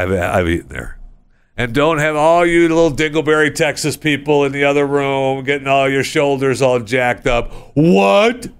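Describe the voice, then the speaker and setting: In a recording studio, a podcast host delivers a casual, comedic monologue that rambles along sarcastically, acting out people in high voices. His voice has a fairly bright, clean tone.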